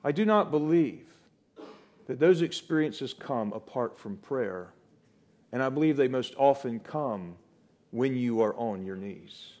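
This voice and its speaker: A man preaching a sermon, swinging from loud, rising declarations to soft, slow, hushed passages. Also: mid-range voice, expressive.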